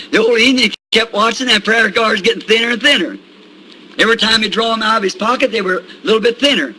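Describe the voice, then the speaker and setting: A man's voice: high-pitched, quick pace, bright, forceful tone, slight background noise, low-quality recording. An older man preaching a sermon, telling a folksy anecdote and chuckling as he goes. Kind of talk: sermon storytelling.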